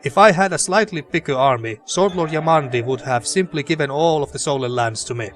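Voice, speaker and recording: A man's voice: a little high, brisk, fairly bright tone, close to an everyday voice. A man reading a haughty, snobbish baron. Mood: condescending. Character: arrogant, dismissive male noble baron.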